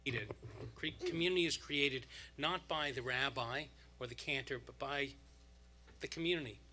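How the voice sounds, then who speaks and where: A man's voice: medium pitch, moderate pace, slight background noise. A man leading a synagogue service, speaking informally to the congregation and giving instructions. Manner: warm, informal guidance to a congregation. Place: large sanctuary.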